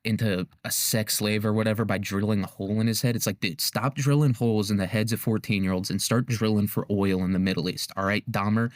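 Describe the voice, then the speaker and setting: A young man with a fairly low voice rambles through a history podcast, crude and joking, laughing often. His voice is recorded close and dry, with no room sound. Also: fairly even intonation, a little fast, hardly any pauses, no echo. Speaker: podcast host. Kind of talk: casual comedic history monologue.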